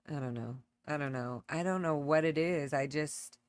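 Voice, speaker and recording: A woman's voice: low voice, normal speed, hardly any pauses, clear, resonant tone, no echo. A middle-aged woman hosting a livestream, rambling and reminiscing as she comments on videos, with sudden exclamations. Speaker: livestream host.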